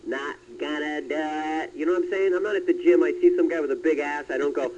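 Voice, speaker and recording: A man's voice: on the high side, quick pace, a little mellow, lightly acted. An actor playing a testy male comedian on a phone call, rambling defensively and slipping into impressions. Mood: ranting. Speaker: celebrity guest in a quiz game.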